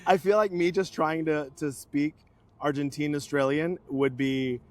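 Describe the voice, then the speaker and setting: A man's voice: fairly high pitch, fairly even intonation, measured pace. A man hosting a podcast in casual chat, joking and laughing a lot. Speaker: podcast host.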